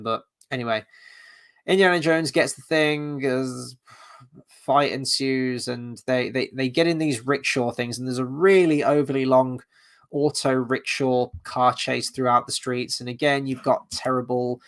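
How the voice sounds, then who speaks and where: A man's voice: medium pitch, steady tone, measured pace, fairly bright tone. A man hosting a film review, ranting casually and bluntly, profane and rambling with many restarts, tired late at night.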